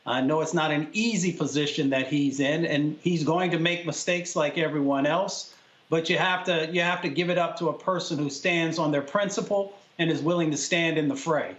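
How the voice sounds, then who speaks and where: A man speaking as a panelist on a political talk show, earnest and steady. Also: a little high, moderate pace. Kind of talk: political discussion. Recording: echoey, muffled remote audio.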